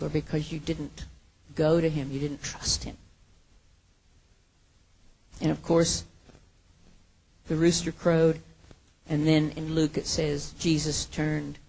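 A woman preaching a sermon, earnest, moving from hushed, quiet lines to emphatic ones. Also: deep voice, vocal fry, breathy edge.

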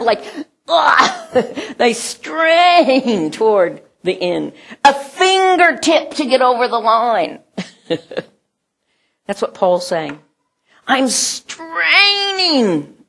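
Woman preacher, breathy voice, unhurried delivery, earnest, soft near-whispers. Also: medium pitch. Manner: slow and earnest, drops to near whispers, laughs often. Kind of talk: sermon.

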